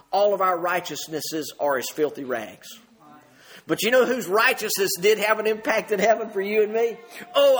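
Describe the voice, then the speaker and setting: An older man preaching a conversational sermon, reading scripture aloud in a folksy way, stumbling over repeated words and dropping to a hush for emphasis. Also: high-pitched.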